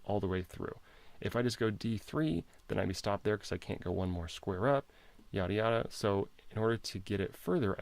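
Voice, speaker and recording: A man's voice: fairly low pitch, gravelly, darkish tone, no room sound. A man casually walking through a chess game as an instructor, chatty and self-interrupting, posing puzzles to the viewer. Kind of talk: casual chess lesson walkthrough.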